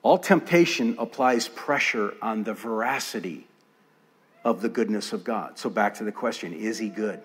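A male pastor preaching a sermon in a church, measured and emphatic, building his points through repeated phrases. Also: on the low side, slightly rough.

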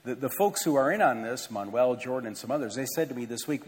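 A man's voice: mid-range voice, lively intonation, fast, few pauses. A middle-aged man, a pastor, giving church announcements from the pulpit in an earnest, conversational way with self-deprecating asides. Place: large church sanctuary with a balcony. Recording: long hall reverb in a church.

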